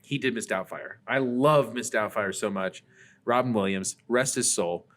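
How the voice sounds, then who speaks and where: A man's voice: fairly low pitch, moderate pace, a bit bright. Chatty man hosting a podcast. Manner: enthusiastic, rambling film talk. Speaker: podcast host. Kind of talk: casual chat. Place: Las Vegas.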